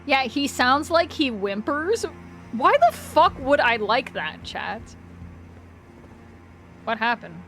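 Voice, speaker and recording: A woman's voice: high voice, expressive, slow pace, long pauses, a bit bright, faint music behind. A woman streaming a game live, chatting casually with her viewers, swearing freely and laughing often. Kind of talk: casual live-stream chat while gaming.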